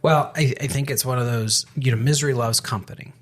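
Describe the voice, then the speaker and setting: A man's voice: medium pitch, fairly even intonation, fairly quick. A man co-hosting a faith podcast, a pastor telling a story in casual conversation, with frequent restarts. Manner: storytelling with many restarts and quoted dialogue.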